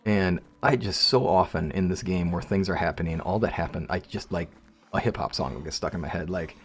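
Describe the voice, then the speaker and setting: A man's voice: low voice, a little fast, a little hiss or hum. A man casually commenting on his game, rambling and joking with viewers. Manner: rambling, jokey, talks to viewers. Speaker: let's play host.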